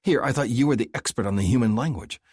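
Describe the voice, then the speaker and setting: A male narrator voicing an angry, sarcastic young human woman in an audiobook, shouting and sneering. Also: medium pitch, big pitch swings, normal speed, husky, dry recording, studio quality, voice pushed up. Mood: furious, sarcastic. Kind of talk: audiobook character voice.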